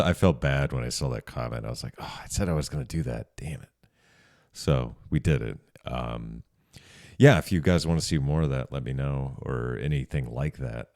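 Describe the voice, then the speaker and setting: A man with an extremely deep, low voice talks through his reaction in a loose, easygoing ramble, chuckling as he goes. The sound is dry and close, with no room around it. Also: no echo. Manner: rambling and relaxed, chuckles often. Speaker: reaction video host. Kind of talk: casual reaction commentary.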